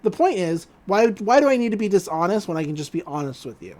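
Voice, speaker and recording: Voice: mid-range voice, sing-song, fast, darkish tone. A podcast host giving a casual, rambling episode recap, often laughing.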